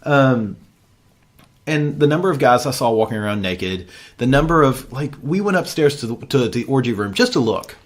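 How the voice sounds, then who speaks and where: Animated man, lively pitch. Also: moderate pace. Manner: lively, swears often, animated storytelling. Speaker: podcast co-host. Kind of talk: casual chat.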